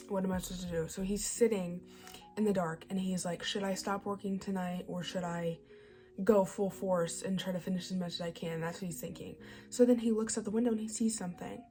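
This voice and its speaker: A young woman book vlogger excitedly retelling a novel's plot in a chatty way, full of "like" and paraphrased character lines. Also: medium pitch. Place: home, early morning.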